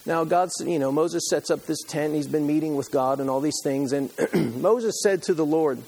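A man's voice: a little high, moderate pace, gravelly, slightly rough. A man preaching a sermon, reading scripture aloud and retelling it with passion, pleading at times and dropping to a near whisper at others. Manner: impassioned, pleading when voicing Moses, dropping to a hush.

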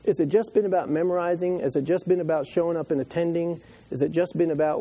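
Husky-voiced male pastor preaching. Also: fairly high pitch, fast talker, hardly any pauses, poor audio. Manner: builds from calm teaching to loud impassioned preaching. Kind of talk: sermon.

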